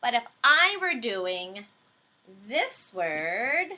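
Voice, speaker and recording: A woman teaching a phonics lesson to young children, slow and patient as she explains each rule step by step. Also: fairly high pitch, very animated, pushed and bright.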